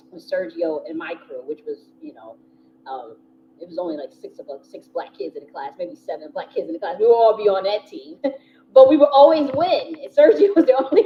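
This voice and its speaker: Woman, casual storytelling, chatty, laughs often, swears freely, slightly muffled recording, faint background hiss. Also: fairly high pitch. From United States. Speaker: spiritual teacher and channel host.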